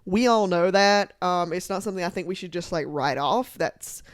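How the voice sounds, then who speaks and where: A woman's voice: lowish voice, normal speed, no echo. Chatty young woman reacting to book tropes. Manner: chatty, animated, lots of "like" fillers and laughs. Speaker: book content creator. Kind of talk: casual chat to camera.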